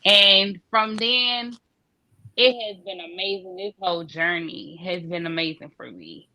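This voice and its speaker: A woman's voice: mid-range voice, measured pace, bright, forceful tone. A woman in her thirties with a Louisiana accent, a guest author chatting in a podcast interview and laughing easily. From Louisiana, USA. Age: 30s.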